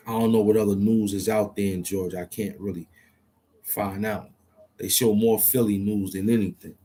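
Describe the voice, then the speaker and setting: A man's voice: lowish voice, steady tone, moderate pace, dark tone. A man rambling to himself as he thinks aloud, often hesitating, repeating himself and restarting.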